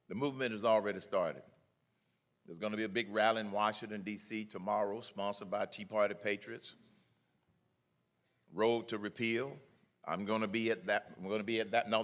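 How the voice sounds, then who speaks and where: An older man delivering a rousing political speech at a conference, building to loud emphatic peaks. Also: on the low side. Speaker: conference keynote speaker. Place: conference hall.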